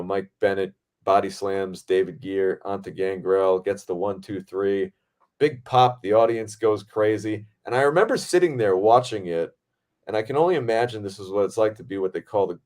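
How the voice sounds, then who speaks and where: A man with a fairly low voice chats on a podcast about his days on set. He talks in an excitable, animated way and swears freely as the story builds. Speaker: podcast host and film director. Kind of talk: casual storytelling chat.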